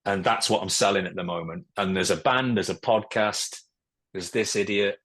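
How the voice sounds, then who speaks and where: A man's voice: fairly low pitch, moderate pace, fairly bright tone, breathy edge. A man in his forties, a guest telling stories in casual chat, candid and swearing freely. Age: 40s. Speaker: podcast guest, musician and ex-footballer.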